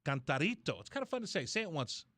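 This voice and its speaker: A man hosting a radio show, telling a rambling story in a casual, animated way. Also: a little high, fast, no echo. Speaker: radio host. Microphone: studio mic.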